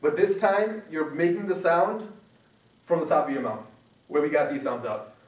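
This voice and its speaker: A young man teaches a student class in a small meeting room, his slightly high voice patient and casual as he repeats sounds for the group. He is picked up from across an echoey room, and the sound is muffled and a little dull. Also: expressive, moderate pace, recorded from a distance. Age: young adult. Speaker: Quran recitation teacher.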